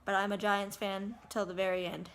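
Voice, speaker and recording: A woman's voice: medium pitch, flat delivery, normal speed, a bit bright. A woman vlogger chatting casually to the camera, retelling what people said with lots of "like" and "I said.".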